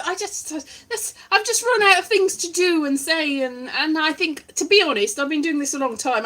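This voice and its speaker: A woman's voice: sits high, bright, forceful tone. A woman in a wry, self-deprecating, meandering casual monologue, vlogging with a guitar strummed in the background.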